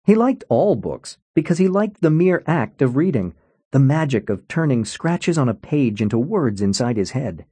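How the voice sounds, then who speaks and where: A male audiobook narrator with a wry, expressive delivery whose pitch moves in lively swings. His voice is mellow and slightly husky. The recording is dry and close, with no room sound. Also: moderate pace, no echo. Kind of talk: scripted narration.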